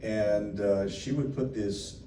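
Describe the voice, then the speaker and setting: A man's voice: on the low side, takes it slowly, warm tone, distant mic. Joking man heard from across an echoey room. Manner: playful, laughs often while telling stories. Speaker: entertainer hosting a fan Q&A. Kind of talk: casual joking chat with fans. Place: indoor meet-and-greet room. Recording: echoey room, recorded from afar, background noise.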